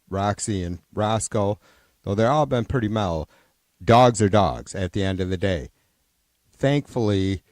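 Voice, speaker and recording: A man's voice: fairly low pitch, darkish tone, no echo, studio quality. A man hosting a livestream, chatting casually and rambling, swearing often and restarting his sentences. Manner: rambling and profane, with many restarts and trailing-off sentences. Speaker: livestream host. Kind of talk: casual unscripted stream chat.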